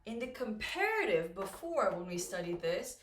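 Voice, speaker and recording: A woman teaching English grammar, explaining slowly and patiently and asking learners questions as she goes. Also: medium pitch, sing-song. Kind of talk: slow, clear classroom explanation. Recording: echoey room with faint noise.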